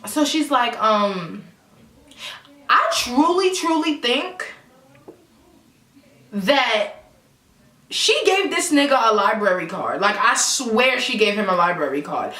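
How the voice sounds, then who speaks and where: A young woman telling a casual storytime vlog, animated and profane, full of asides to her viewers. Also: fairly high pitch, slow, long pauses, a little hiss or hum. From New York, Brooklyn. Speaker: vlogger. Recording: echoey room.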